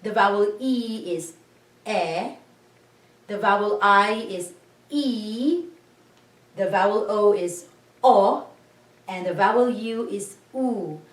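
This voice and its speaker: Slow patient lady teacher spelling out syllables, sounds far off in a roomy space. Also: mid-range voice. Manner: spells out syllables slowly, asks learners to repeat. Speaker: language teacher. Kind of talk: slow patient language lesson. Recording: echoey room, voice a bit far from the mic.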